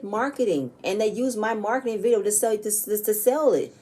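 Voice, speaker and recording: A woman's voice: mid-range voice, a little fast, warm tone, slightly rough. A woman casually recapping a reality TV episode, chatty and blunt, often tossing in "you know what I'm saying" and swearing freely.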